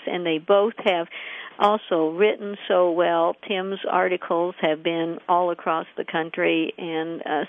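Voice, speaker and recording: A woman with a low, gravelly voice speaks in a radio interview about her community's efforts. She talks hesitantly, often restarting her sentences with ums, and laughs easily. The sound is dull and lo-fi, like an old radio broadcast. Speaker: local preservation group representative. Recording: lo-fi radio audio.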